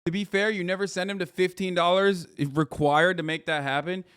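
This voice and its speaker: A man's voice: high-pitched, fairly even intonation, fairly quick, a bit bright, clear, resonant tone, no room sound, studio quality. A man in his thirties giving a heated, sarcastic and profane political rant as a streamer reacting to news clips. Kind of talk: ranting political commentary.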